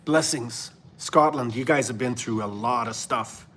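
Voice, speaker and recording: A man from Canada hosting a livestream of religious commentary, preaching fervently and then dropping to a hushed murmur. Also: mid-range voice, unhurried. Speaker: livestream host.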